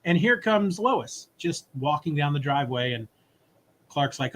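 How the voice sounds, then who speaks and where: Guy on a podcast recapping a comic, animated, jumps into little character voices. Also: fairly high pitch. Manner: animated retelling, voices characters in quick asides. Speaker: podcast co-host. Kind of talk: casual comic recap chat.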